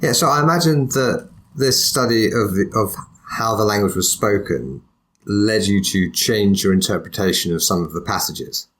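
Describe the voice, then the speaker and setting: A man with a low voice hosts a podcast conversation. He asks easygoing questions and chimes in with short agreements. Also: moderate pace. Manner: brief affirmations, relaxed questions. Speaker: podcast host.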